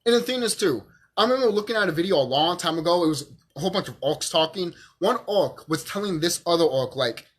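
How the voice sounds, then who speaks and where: A man's voice: on the high side, expressive, fast, few pauses, husky. A drunk man, stuttering a little, delivering a profane, emphatic monologue to camera as a vlogger and repeating himself for force.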